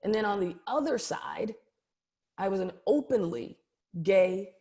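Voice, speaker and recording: A middle-aged woman, a keynote speaker and coach from the United States, tells a personal story over a video call in an emphatic, animated way and often checks in with her listeners. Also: mid-range voice, a little slow.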